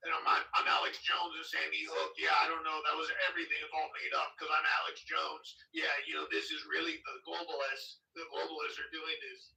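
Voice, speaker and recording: Man putting on a conspiracy ranter, scraggly, rambling, bright, distant echoey sound. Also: a little high, little pitch movement, fairly quick, vocal fry, few pauses, full character voice. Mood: ranting. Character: male conspiracy radio host impression, ranting.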